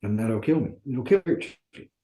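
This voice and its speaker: This man's medium-pitched voice is warm, animated, and quick, with reverb around it. Appearing as an interview guest, he speaks earnestly and openly about his life in a storytelling style, regularly raising questions and answering them himself.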